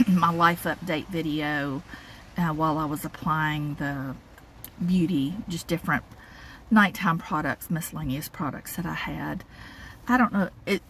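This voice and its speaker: Her voice lowish and a bit bright, a woman vlogs to camera from her parked car while it rains. The talk is chatty and rambling, dotted with fillers and little laughs. Rain and car noise fill the recording.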